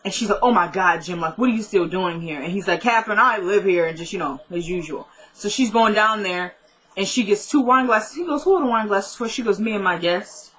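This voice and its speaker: A young woman casually retelling a TV drama episode, quoting the characters' lines in quick back-and-forth and laughing at her own asides. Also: medium pitch, fairly bright tone, husky, poor audio. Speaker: TV episode recapper.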